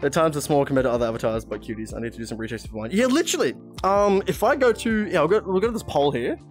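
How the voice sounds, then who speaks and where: Excitable giggly streamer on a vr headset mic, voice bouncing all over, bit of music behind. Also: medium pitch. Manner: giggly, excitable, swears often. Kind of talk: casual live-stream chat while playing a VR game.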